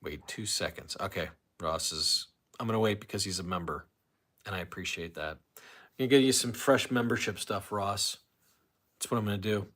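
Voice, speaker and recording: A man's voice: on the low side, normal speed, a bit bright. A man hosting a casual live stream, rambling, restarting his sentences and reading viewer comments aloud.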